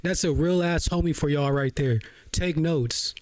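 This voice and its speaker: A man's voice: on the high side, unhurried, a little mellow, slight background noise. A man hosting a reaction show, giving blunt slang-heavy commentary on a close mic. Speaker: reaction channel host.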